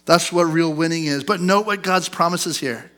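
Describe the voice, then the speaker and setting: A man's voice: on the high side, normal speed, bright, forceful tone. A man in his thirties, a pastor preaching a sermon in a conversational storytelling way, often asking the congregation questions.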